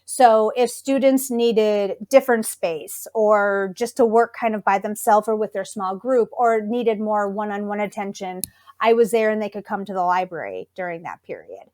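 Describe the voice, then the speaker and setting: A woman school librarian talking through a classroom lesson in a relaxed interview, thoughtful and enthusiastic. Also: medium pitch, normal speed. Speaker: school librarian, podcast guest. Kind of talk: conversational interview.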